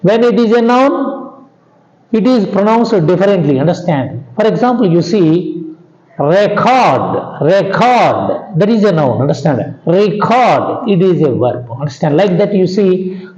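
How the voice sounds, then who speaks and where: A man with an Indian English accent teaching an English grammar lesson, slow and repetitive, often asking "understand?" and letting his pitch drop at the ends of sentences. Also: expressive, dark tone. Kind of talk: classroom lecture. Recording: echoey room, dull lo-fi sound.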